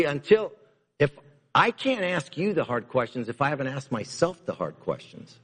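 A man preaching a sermon as pastor, emphatic, repeating key lines and moving between loud and hushed delivery. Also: medium pitch, slightly rough. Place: church. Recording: long reverb of a church hall.

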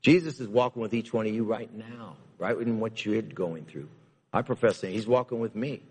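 A man preaching a sermon as pastor, emphatic, repeating key lines and moving between loud and hushed delivery. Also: fairly low pitch, moderate pace, slightly rough. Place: church. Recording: long reverb of a church hall.

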